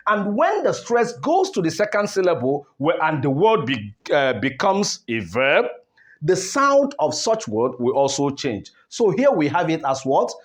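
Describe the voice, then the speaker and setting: A man's voice: on the high side, huge pitch swings, measured pace. A man teaching word stress, asking rhetorical questions and repeating words to contrast the stress. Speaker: English teacher. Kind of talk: classroom lesson on word stress.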